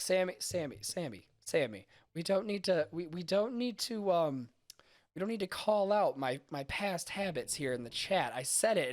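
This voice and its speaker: A young man streaming a podcast talks with his chat in a high, slightly bright voice, his tone casual and crude. Stuffed up by allergies, he sounds nasal, and he keeps up a run of jokes, self-deprecation, and profanity.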